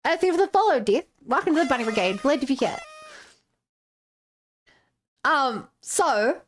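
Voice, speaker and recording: Woman streamer rambling thru a game story, kinda high voice, lots of likes and ums. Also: big pitch swings, moderate pace, slight background noise. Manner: chatty, loose storytelling with many "like" fillers. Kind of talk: casual retelling of a tabletop game session.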